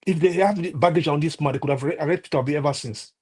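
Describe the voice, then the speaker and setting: A man with a Nigerian accent giving heated political commentary on a live stream, scolding and halting with many restarts. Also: a little high, a little mellow, husky.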